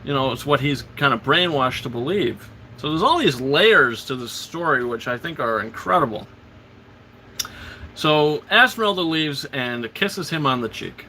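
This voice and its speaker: A man's voice: a little high, expressive, normal speed, pushed and bright, slight background noise. A man hosting a casual live film commentary, retelling scenes with enthusiasm and stammered restarts. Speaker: host.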